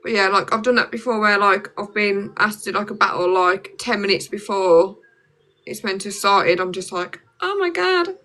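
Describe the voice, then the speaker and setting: Chatting casually on a phone livestream, a young Birmingham woman with a Black Country accent fills her sentences with "like." She speaks at normal speed in a medium-pitched, bright, forceful voice with a flat delivery.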